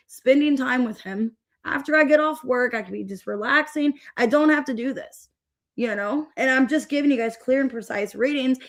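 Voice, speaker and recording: A young adult woman hosting a tarot livestream, upset and fed up, venting to her viewers with many restarts. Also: a little high. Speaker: tarot reader livestream host.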